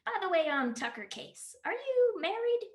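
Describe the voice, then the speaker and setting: A lonely, easygoing pilot who makes offhand, deadpan remarks, as a woman reads him. The voice is high and lively, with a roomy echo. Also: moderate pace. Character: laid-back lonely male pilot, dry humor.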